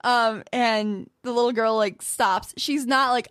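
A woman's voice: a little high, steady tone, measured pace, fairly bright tone, no echo, studio quality. A woman co-hosting a podcast, chatting casually and laughing often as she retells a story. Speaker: podcast co-host. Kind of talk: casual podcast review chat.

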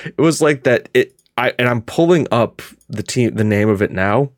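A man co-hosting a podcast in casual chat, rambling with many restarts and quick asides. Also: mid-range voice, animated, dry recording, clean studio sound. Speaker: podcast co-host and gaming video creator.

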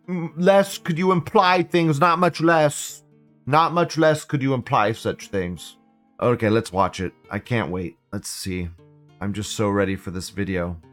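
A man's voice: on the high side, unhurried, fairly bright tone, soft background music. A man hosting a live online show, talking in a rambling, profane and mocking way. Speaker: host. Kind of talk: casual live commentary.

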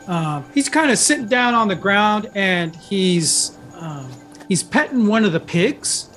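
A man's voice: high voice, fairly bright tone. A man narrating a tabletop role-playing game as game master, describing the scene in a rambling way with lots of ums and restarts. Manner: rambling, many fillers and restarts.

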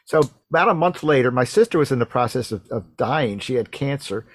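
A man hosting a faith radio interview, telling a personal story in a halting way with many repeated words and restarts. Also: medium pitch, expressive. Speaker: radio show host.

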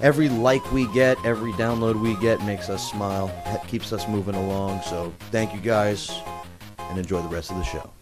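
A man hosting a casual podcast, trading crude, loud jokes with his friends. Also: fairly low pitch, fairly even intonation, normal speed, over music. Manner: loud, brash, laughing. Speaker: podcast host.

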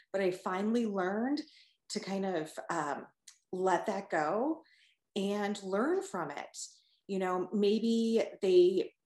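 A woman who runs her own photography business, answering reflectively and hesitantly in an interview, with frequent pauses. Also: mid-range voice, a little mellow, roomy sound. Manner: thoughtful, hesitant, many "um"s. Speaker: guest, photographer and business owner.

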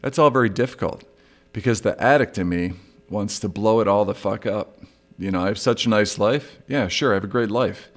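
A man's voice: lowish voice, fairly quick. A middle-aged man hosting a solo podcast, talking candidly and reflectively about his own struggles. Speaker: podcast host. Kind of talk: solo recovery podcast monologue.

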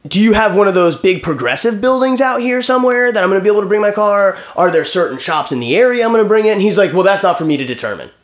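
A man's voice: high-pitched, very animated, quick pace, hardly any pauses. A man in his thirties telling a story in casual chat, acting out phone calls and swearing freely. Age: 30s.

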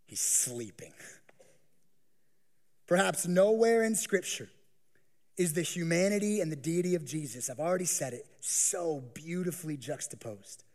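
A male pastor preaching a sermon, swinging from hushed, slow lines to loud, pleading acted voices. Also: fairly high pitch, lively intonation.

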